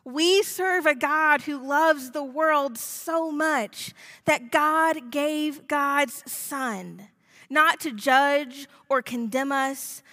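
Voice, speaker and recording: A woman pastor preaching a sermon in a measured, deliberate way. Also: high-pitched, sharp tone, long reverb tail.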